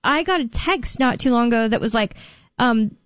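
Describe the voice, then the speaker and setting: A woman's voice: fairly high pitch, expressive, moderate pace, a bit bright, no echo. A woman hosting a talk radio show, chatting casually and rambling with fillers and laughs. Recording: dull, dry studio sound.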